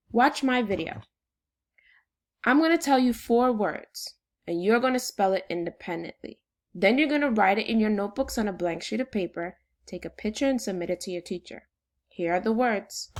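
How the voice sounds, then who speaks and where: A woman teaches a recorded phonics lesson to second graders. Her voice sits at an everyday pitch, clear and patient, and she speaks plainly and encouragingly. She dictates spelling words slowly, one at a time.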